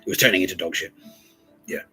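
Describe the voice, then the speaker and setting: A man's voice: low-pitched, fast, bright, forceful tone, faint music behind, low-quality recording. A man hosting a podcast, talking in a rambling, profane solo monologue and acting out quotes in voices. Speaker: podcast host.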